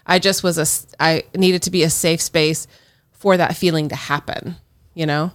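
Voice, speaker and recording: Woman, lower pitch, affirming conversational co-host, dry close recording. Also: fairly even intonation, normal speed, no echo. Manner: supportive, frequent affirming "yeah" and "right". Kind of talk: casual conversational chat.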